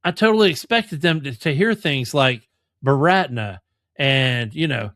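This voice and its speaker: A man's voice: mid-range voice, lively intonation, a little slow, a bit bright, dry recording, clean studio sound. A man co-hosting a casual game talk show, emphatic and exasperated in his remarks. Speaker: game podcast co-host. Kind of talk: casual chat.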